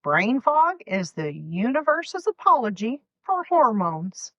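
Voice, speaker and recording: A woman's voice: fairly high pitch, slow pace, no echo, muffled recording. Sarcastic Southern woman in her fifties. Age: 50s. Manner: sarcastic, animated storytelling with mock quotes. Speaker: podcast host. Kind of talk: sarcastic comedic monologue.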